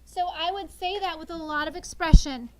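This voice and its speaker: There's slight background noise as a woman in her thirties animatedly coaxes her sixth-grade students into call-and-response. Her voice is very high-pitched and her pace moderate.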